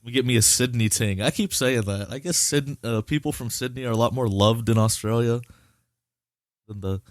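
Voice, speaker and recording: A man's voice: medium pitch, moderate pace, dry recording, clean studio sound. A young man hosting a casual podcast chat, teasing his co-host and swearing freely. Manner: blunt, profane, teasing.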